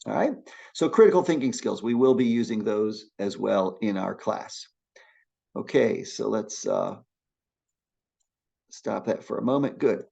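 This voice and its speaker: A middle-aged man teaching a public speaking class, lecturing in an energetic, encouraging way with frequent restarts. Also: lowish voice, a little slow, creaky, pauses often, slightly rough, muffled recording.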